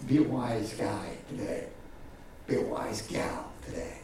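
A pastor preaching a sermon, often repeating words and swinging from loud highs to quiet lows. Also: male voice, steady tone, unhurried, gravelly, a little hiss or hum. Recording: echoey hall from far off.

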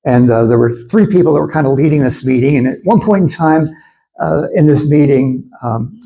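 Animated preaching man with lively pitch. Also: gravelly, rough recording. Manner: animated preaching, acting out voices of listeners. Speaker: pastor. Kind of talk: sermon.

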